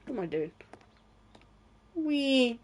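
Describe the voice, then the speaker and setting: A young British woman chatting casually while streaming a game, self-deprecating and quick to giggle and exclaim. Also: medium pitch, lively intonation, rough recording. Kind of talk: casual gameplay chat.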